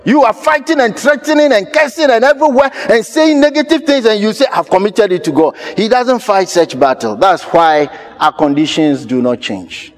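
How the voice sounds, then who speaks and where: A pastor, preaching a sermon with emphatic repetition. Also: male voice, high voice, lively intonation, normal speed, few pauses, big-room sound. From Ghana. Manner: emphatic, repeats key phrases.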